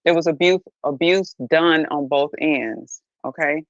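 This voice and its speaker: A woman talks with firm emphasis and throws out rhetorical questions. Her voice carries a gravelly fry at a middle pitch. The sound is dry and dull, like a lo-fi stream. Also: unhurried, no room sound. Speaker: panelist on a live reaction show. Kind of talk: opinionated casual discussion.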